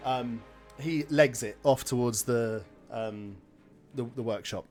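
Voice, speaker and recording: A man's voice: medium pitch, slow, a little mellow, soft background music. A man narrating as game master of a tabletop role-playing game, rambling with restarts. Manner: rambling, many fillers and restarts.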